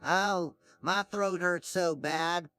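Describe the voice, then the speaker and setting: A man's voice: on the high side, expressive, measured pace, bright, forceful tone, dry recording, clean studio sound. A synthetic man's voice playing a nervous, jittery middle-aged chain-smoking neighbor in a parody cartoon. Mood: plain.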